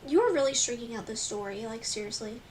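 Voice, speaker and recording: A woman's voice: fairly high pitch, expressive, fast, a little mellow, far from the mic. A young woman in casual chat, teasing and giggly. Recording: faint background noise.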